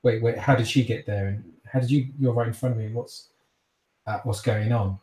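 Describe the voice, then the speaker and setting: A man's voice: medium pitch, fairly even intonation, brisk, warm tone, echoey room, lightly acted, poor audio. A man doing a shocked, desperate father. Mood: panicked. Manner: stammering, desperate. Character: shocked, grieving middle-aged father.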